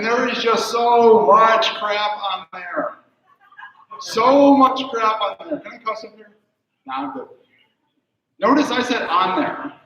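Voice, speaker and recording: A man's voice: high-pitched, bright, forceful tone. Young man, stand-up comic, chatty, teasing, dull muffled sound, faint room noise. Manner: chatty, teasing the audience with questions. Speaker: stand-up comedian. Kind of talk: stand-up comedy. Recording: muffled echoey room from far off.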